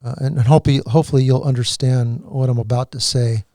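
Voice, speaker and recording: A man giving an emotional personal testimony as a podcast guest, earnest and halting, with many restarts. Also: medium pitch, steady tone, mellow, no room sound, clean studio sound.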